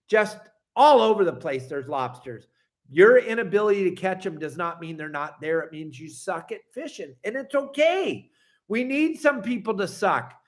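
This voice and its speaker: A man hosting a fishing show, ranting angrily to his viewers, cussing and repeating himself, swinging between loud outbursts and quiet grumbles. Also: high-pitched. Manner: angry, cussing, repetitive, swings loud and soft. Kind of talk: impassioned rant to viewers.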